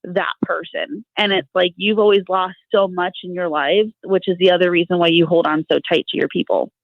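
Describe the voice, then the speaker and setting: A woman's voice: fairly low pitch, steady tone, a little fast, no room sound. A woman calling in as a guest medium, talking earnestly in a casual podcast chat, circling and repeating herself as she explains. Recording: tinny phone line, dry.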